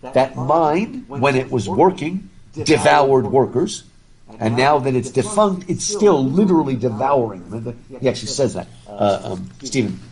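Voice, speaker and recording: A man lecturing to a live class while wearing a face mask, chatty and animated, often repeating words as he thinks aloud. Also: mid-range voice, normal speed, a crowd in the background, low-quality recording. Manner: talking through a face mask. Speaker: professor. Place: university classroom with students. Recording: classroom with students audible.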